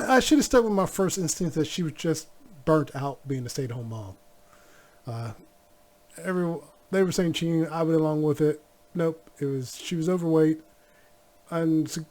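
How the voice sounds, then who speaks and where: A man's voice: on the high side, lively intonation, normal speed. A man with a slightly raised voice talks in a loose, rambling way. He reacts openly and chuckles between thoughts, as in a casual co-hosted chat. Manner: candid, rambling, chuckles often. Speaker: co-host reacting to a story.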